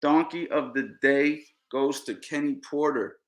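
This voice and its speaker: A man's voice: on the high side, unhurried. A man hosting a boxing podcast, ranting heatedly and repeating himself. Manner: animated, ranting, repeats phrases. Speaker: podcast host.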